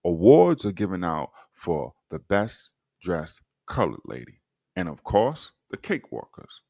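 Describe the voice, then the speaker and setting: A man with a low voice hosts a livestream and reads old documents aloud to his viewers, stopping often to comment sardonically. His delivery is slow and unhurried, but his pitch swings widely. The sound is dry and close, with no room echo. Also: huge pitch swings, vocal fry, warm tone. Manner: sardonic, talks straight to viewers. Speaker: livestream host. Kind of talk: livestream history commentary, reading documents to chat.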